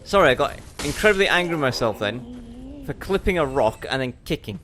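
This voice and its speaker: A man's voice: on the high side, sing-song, a little fast, a bit bright, a little hiss or hum. Chatty man narrating his gameplay. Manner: chatty, self-mocking, talks to the game. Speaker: let's play host. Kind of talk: gameplay commentary.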